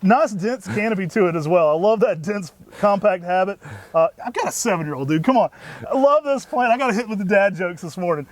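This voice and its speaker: A man co-hosting a plant show, pitching trees with folksy enthusiasm. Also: fairly quick, no room sound. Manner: energetic, folksy, says y'all. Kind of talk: enthusiastic product talk.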